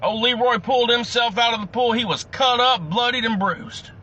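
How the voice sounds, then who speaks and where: A man's voice: extremely high pitch, bright, forceful tone, lo-fi sound. A man telling a long, crude joke in a casual storytelling way. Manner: profane, drawn-out storytelling. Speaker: joke teller.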